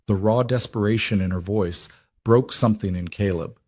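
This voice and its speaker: Low-voiced man narrating a western. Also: normal speed, a little mellow, no echo, studio quality. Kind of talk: scripted audiobook narration.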